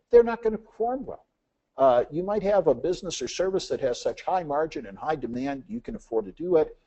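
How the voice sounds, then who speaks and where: A man presenting to business owners, telling stories and acting out both sides of each exchange. His voice is fairly high, warm and slightly husky, and it swings up and down a lot. The audio is dull and lo-fi. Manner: acts out dialogue in anecdotes, frequent "uh" fillers.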